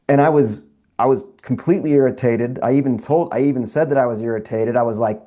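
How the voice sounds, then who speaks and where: A middle-aged man co-hosting a casual podcast chat, telling an animated story as a father, with frequent restarts. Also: medium pitch, quick pace. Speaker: podcast co-host.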